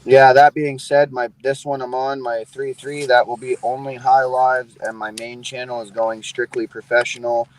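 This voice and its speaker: A man rambling on a live stream panel, pausing on fillers and making crude jokes. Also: medium pitch, flat delivery, rough recording. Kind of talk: casual chat.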